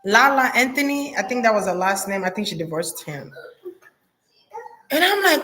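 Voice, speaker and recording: A woman vlogging in a casual, blunt and profane monologue, talking straight to her viewers, laughing often, with lively jumps in pitch. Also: moderate pace, long pauses.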